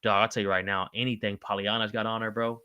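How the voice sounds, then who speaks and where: A man's voice: fast talker, smooth, no room sound, dull audio. A man hosting a livestream, chatting casually and swearing freely as he reads and answers viewer comments by name. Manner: pitch jumps high when excited. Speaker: livestream show host.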